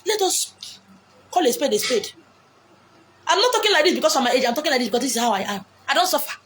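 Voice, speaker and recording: Blunt Nigerian woman with an Igbo accent, high voice, rapid-fire delivery, faint outdoor noise behind her. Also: very animated. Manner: blunt, forceful, mixing English, Pidgin and Igbo. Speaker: preacher giving relationship advice. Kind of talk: outdoor monologue. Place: beach outdoors.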